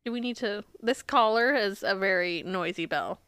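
Speaking at a moderate pace in a smooth, fairly bright mid-range voice with no echo, a young female podcast co-host chats about a book she's retelling. She laughs a lot and leans on plenty of fillers.

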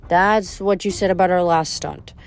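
In an audiobook reading, a woman voices a meek, gloomy giant twin, a soft-hearted male who reluctantly mumbles and sighs, and the mood is glum. Her natural voice sits fairly low, with fairly even intonation and a moderate pace, over soft background music.

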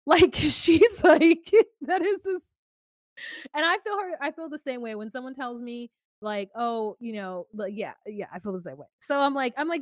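A woman's voice: high voice, moderate pace, no echo, studio quality. A woman co-hosting a podcast, chatting casually and acting out what others said in put-on voices. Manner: animated, acts out quotes in put-on voices. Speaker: podcast co-host. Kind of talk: casual chat recapping a reality show.

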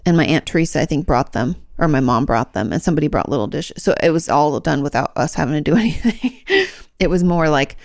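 A chatty woman co-hosting a podcast, her low voice carrying a gravelly fry as she laughs her way through stories. The sound is close and dry, with no room around it. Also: fast, no room sound. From Washington state. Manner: chatty, laughs often, animated storytelling. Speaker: podcast co-host. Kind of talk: casual chat.

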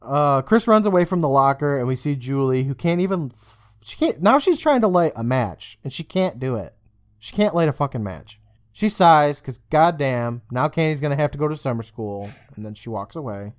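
A man of medium pitch chats on a podcast, walking through a TV episode scene by scene. He swears freely and slips into the characters' lines as he retells them. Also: moderate pace. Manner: animated, swears often, acts out quoted lines. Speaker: podcast co-host. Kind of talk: casual chat recapping a TV episode.

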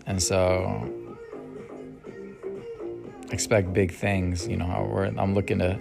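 Over background music, a young man muses through his own solo podcast, trailing off with plenty of ums and sighs. His voice is low, gravelly and slow, with little pitch movement and frequent pauses.

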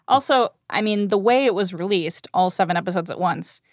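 A woman co-hosting a podcast in casual chat, wry and quick to laugh. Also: mid-range voice, dry recording, studio quality. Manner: chatty and wry, laughs often. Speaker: podcast co-host. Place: shared recording room.

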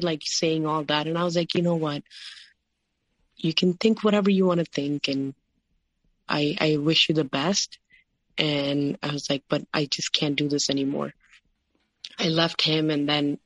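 Appearing as an interview guest, a woman with a low voice recounts her personal story, packing it with "like" and "you know" and quoting what others said. There's no echo.

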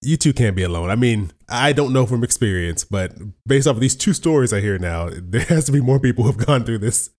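A man's voice: medium pitch, lively intonation, fairly quick, hardly any pauses, darkish tone. A man hosting a podcast in casual chat, laid-back and teasing, laughing often. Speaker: podcast host.

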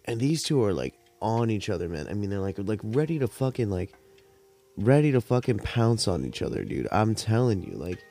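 A young man hosting a podcast, telling stories in a rambling, laid-back, profane way while high, with cotton mouth. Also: very animated, normal speed, mellow, soft background music. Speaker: podcast host. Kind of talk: casual storytelling monologue.

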